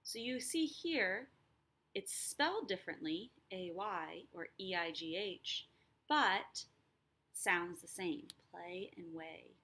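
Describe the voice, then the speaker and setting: A woman teacher explaining a lesson, sounding out words slowly and clearly. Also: on the low side, lively intonation, bright, forceful tone. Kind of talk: recorded lesson.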